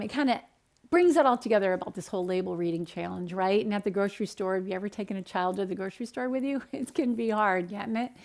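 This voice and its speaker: A middle-aged woman dietitian from the United States, giving an upbeat, animated talk in her home kitchen and acting out the people in her stories. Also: mid-range voice. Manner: upbeat, animated, acts out quoted dialogue. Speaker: dietitian and speaker. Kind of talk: direct-to-camera talk with storytelling.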